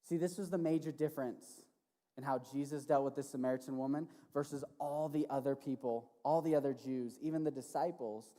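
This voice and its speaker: Male youth pastor, casual sermon, animated, long hall reverb. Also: mid-range voice, fairly quick. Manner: casual and animated, often asks "right?". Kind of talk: sermon to teenagers. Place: church hall.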